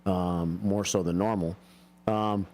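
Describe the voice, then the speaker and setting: A middle-aged man hosting a morning radio show, chatting casually with fillers and pauses. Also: low-pitched. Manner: relaxed, halting with fillers.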